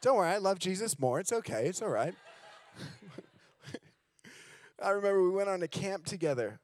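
A man preaching a sermon in a church, telling candid, self-mocking stories and swinging between loud emphasis and low, hushed lines. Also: animated, normal speed. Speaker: guest preacher. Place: church sanctuary.

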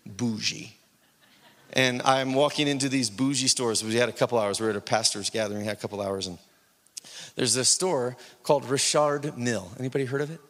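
A man's voice: mid-range voice, steady tone, fast talker, a bit bright, big-room sound. A man preaching a sermon as pastor, telling a story with acted-out dialogue and building to urgent exhortation.

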